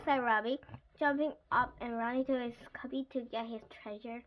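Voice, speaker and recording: A woman's voice: on the high side, steady tone, brisk, rough recording. A woman reading a children's chapter book aloud expressively, chatting to young listeners. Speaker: reader.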